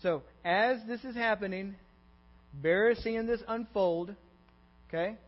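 A man with a high-sitting voice leads an interactive sermon at a measured pace, regularly putting questions to the congregation and asking "okay?" or "all right?". He's a pastor in a church sanctuary, captured in a dull, echoey recording with mains hum.

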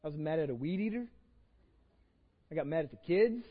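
A man's voice: on the high side, lively intonation, brisk, breathy edge, big-room sound, narrow, tinny audio. A pastor with a Texan accent, preaching a conversational sermon, often repeating words as he starts a phrase. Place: church sanctuary.

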